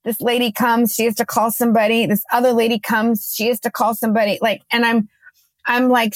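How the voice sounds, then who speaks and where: Animated woman telling a story on a podcast. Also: on the high side, brisk, dry recording. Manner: animated storyteller acting out her own quotes. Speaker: podcast co-host. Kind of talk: casual podcast chat.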